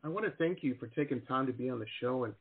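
A man in his forties hosting an interview, rambling and excitable with lots of fillers and restarts, on a video call. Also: mid-range voice, fast talker. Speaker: show host. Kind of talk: casual interview chat. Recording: tinny phone-like line.

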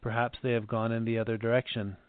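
A man sharing a short teaching story as a lay minister, calm and steady with small fillers. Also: medium pitch, quick pace, no echo. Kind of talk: sermon storytelling. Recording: tinny phone-like band, dry.

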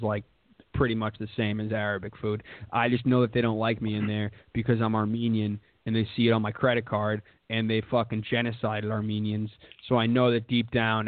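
With a lowish voice, a young podcast host swears his way through crude, meandering chatter, saying "dude" again and again. The recording is dry and phone-like, lo-fi, with no room sound.

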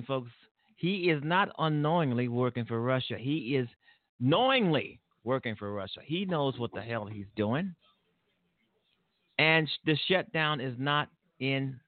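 A man's voice: medium pitch, no room sound, narrow, tinny audio. A man hosting his own political talk show, talking bluntly and profanely in a rambling monologue full of fillers and restarts. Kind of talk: casual political commentary monologue.

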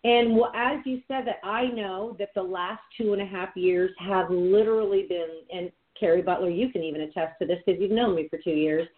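A woman's voice: medium pitch, steady tone, normal speed, hardly any pauses. A woman hosting a talk show, chatty and enthusiastic, reading listener questions. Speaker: radio show host. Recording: tinny phone-line sound.

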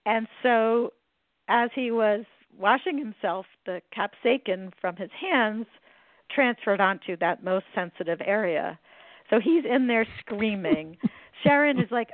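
A woman's voice: medium pitch, unhurried, dry recording. Woman telling funny stories, phone-thin. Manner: animated, laughs while telling stories. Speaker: podcast host. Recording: phone-like, dry sound.

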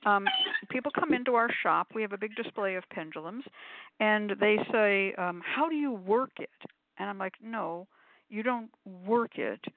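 An older woman hosts a call-in spiritual show in the style of a casual panel discussion, speaking at normal speed with plenty of ums. She explains things chattily and demonstratively, sometimes acting out quoted voices with sudden pitch jumps. The audio is phone-like, narrow and dry, with no echo.

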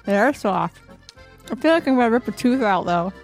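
A woman's voice: on the high side, lively intonation, brisk, soft background music. A woman co-hosting a podcast in a studio, chatting casually and rambling with restarts. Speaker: podcast co-host. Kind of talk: casual chat.

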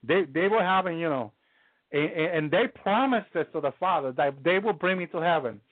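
A man preaching a live testimony, halting and restarting often and peppering his talk with hallelujah. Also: on the high side, lively intonation, dry recording. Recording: tinny phone-line sound, dry.

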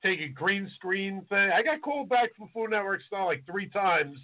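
A man, a chef co-hosting a casual podcast, telling animated, self-mocking stories. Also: sits high, normal speed. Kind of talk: casual chat, storytelling. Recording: tinny phone-like sound.

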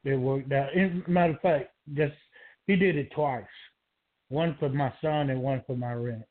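A man from Georgia calling in to a talk show, speaking emotionally in a halting, rambling way with many restarts. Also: medium pitch, steady tone. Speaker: caller. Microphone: telephone. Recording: tinny phone line.

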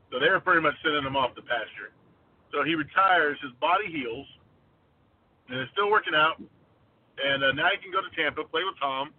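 A man calling in to a sports radio show, telling animated stories about football and his friends. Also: fairly high pitch, fairly quick, pauses often, slightly rough, no room sound. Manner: animated storyteller, does voices of friends. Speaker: caller. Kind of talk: casual sports talk. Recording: tinny phone line.

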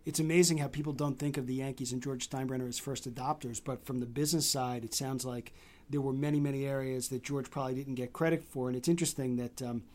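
Male podcast host, attentive interviewer, mid-pitched, conversational. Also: steady tone, quick pace, darkish tone. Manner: attentive, frequent short acknowledgments. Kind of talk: interview questions.

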